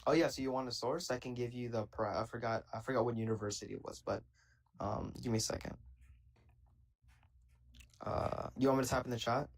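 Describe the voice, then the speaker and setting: A man's voice: medium pitch, fairly even intonation, a little fast, long pauses, rough recording. A young man calling into a live debate, talking casually and hesitantly with lots of fillers. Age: young adult. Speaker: caller.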